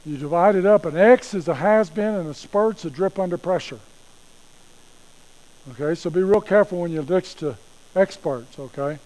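A man's voice: high-pitched, normal speed, darkish tone, rough recording. A male pastor preaching a sermon in a folksy, conversational way, often repeating himself.

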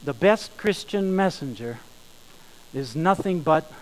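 A man preaching a sermon, emphatic, slowing down and rising in volume on key phrases. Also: fairly high pitch, animated, poor audio. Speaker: pastor.

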